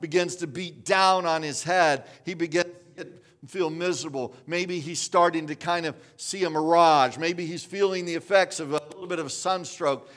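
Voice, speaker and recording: A man's voice: a little high, fairly bright tone. A man preaching a sermon in a conversational storytelling manner, with frequent restarts and asides.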